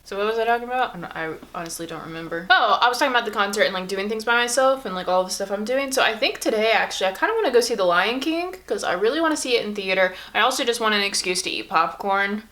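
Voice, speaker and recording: A woman's voice: medium pitch, animated, fast talker, few pauses, sharp tone. A woman in her twenties chatting casually at home while she gets ready, rambling with lots of fillers into a camera-mounted mic. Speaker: beauty vlogger. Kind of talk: casual get-ready-with-me chat. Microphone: camera-mounted shotgun mic.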